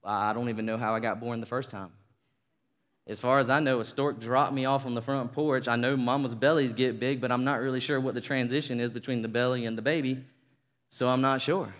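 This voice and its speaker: Guy preaching a sermon, animated storytelling, big echoey hall, mid voice. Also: mid-range voice, normal speed. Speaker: pastor.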